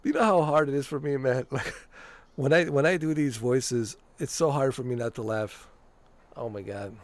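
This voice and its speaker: A man's voice: medium pitch, normal speed. A man streaming a video game, chatting casually in a loose, joking way and laughing a lot. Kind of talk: casual gameplay commentary.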